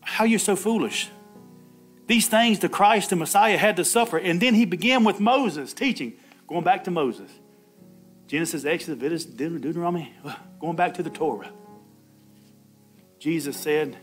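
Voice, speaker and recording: Lively laughing preacher man. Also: fairly high pitch, moderate pace, pauses often, faint music behind. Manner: laughing often, calls "Amen" and acts out Bible dialogue. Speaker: pastor. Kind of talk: Easter sermon.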